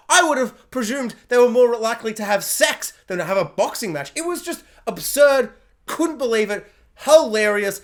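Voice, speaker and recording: A man's voice: very high voice, animated. A young man chatting casually through a spoiler review of a TV episode, rambling along and acting out what the characters say. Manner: chatty, rambling, quick to act out quotes. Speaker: TV review vlogger. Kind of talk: casual spoken recap and review.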